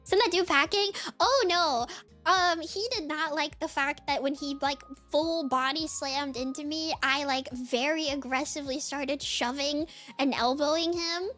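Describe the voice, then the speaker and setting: A young woman streamer telling a story in casual livestream chat, animated, laughing often and saying "like" a lot. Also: high voice, measured pace, hardly any pauses, faint music behind.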